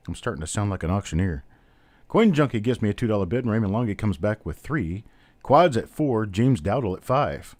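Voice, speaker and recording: A man's voice: on the low side, lively intonation, brisk, a little mellow, dry recording. A man hosting a live-stream coin auction, chatty, calling out bidders and prices one after another. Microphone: webcam on a stand.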